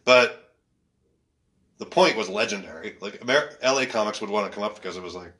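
Male comedian guest, bright voice, animated storytelling, swears, laughs a lot. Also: lowish voice, a little fast. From Canada. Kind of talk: casual podcast chat.

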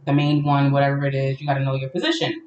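A woman's voice: very deep voice, fairly even intonation, quick pace, a little mellow, highs cut off. A woman with a New York accent co-hosting a casual podcast, talking loosely with lots of ums. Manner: casual, filler-heavy, laughs often. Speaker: podcast co-host. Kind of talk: casual chat. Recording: roomy sound from a distant mic.

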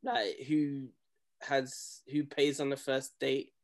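A young man, a DJ chatting casually and telling animated, slang-filled stories. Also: mid-range voice, slow pace, vocal fry. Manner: animated storytelling, slangy, acts out quoted people. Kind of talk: casual chat.

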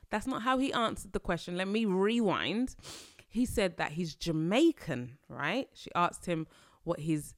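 A woman vlogger giving casual, animated commentary to her viewers, exclaiming often and laughing between points. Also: fairly low pitch, measured pace, no room sound, studio quality.

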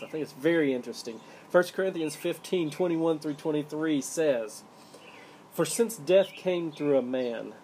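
Faint hiss underlies this recording of a man teaching scripture alone on his podcast. His voice is fairly high but warm and mellow, and he speaks with earnest emphasis, leaning hard on important words.

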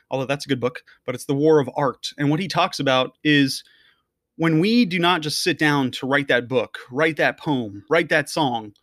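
A man's voice: on the high side, a bit bright, no room sound, clean studio sound. A man speaking to his audience in a candid, rambling motivational monologue as an entrepreneur and marketer, with frequent restarts.

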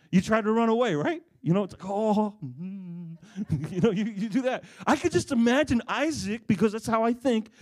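A middle-aged male preacher delivers a sermon with a slightly high voice. He is animated, rising into loud bursts and dropping to near-hushed tones, and he slips into voices for the characters he describes. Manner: animated, dramatic swings in volume, acts out quoted voices.

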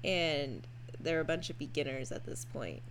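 A woman's voice: deep voice, very animated, moderate pace. Chatty woman co-host with faint hum. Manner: chatty, teasing. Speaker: podcast co-host. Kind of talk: casual chat.

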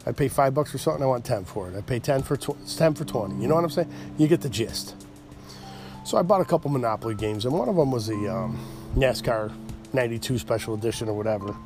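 A man's voice: medium pitch, a little mellow. A middle-aged man telling stories in a casual, profane rant, acting out both sides of every argument in a worked-up way.

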